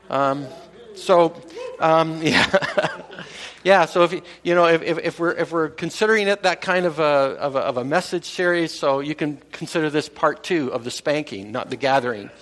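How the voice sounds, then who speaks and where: A man's voice: fairly high pitch, normal speed, fairly bright tone. A man preaching a casual sermon to his congregation, talking conversationally with many fillers and restarts and chuckling at his own jokes. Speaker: pastor.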